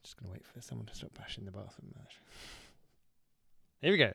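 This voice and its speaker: A man's voice: on the low side, lively intonation, brisk, creaky, a bit bright, husky, no room sound, clean studio sound. Jokey male podcast co-host. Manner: jokey, teasing asides. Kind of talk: casual chat.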